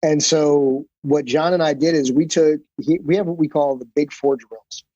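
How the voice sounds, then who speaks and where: A man guesting on a podcast, telling stories in a lively, profane way, with plenty of "like" and "you know." His voice is a little high but mellow in tone. The sound is dry and somewhat dull, like lo-fi podcast audio. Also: normal speed, dry recording. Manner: animated, profane, uses many fillers. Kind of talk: casual storytelling.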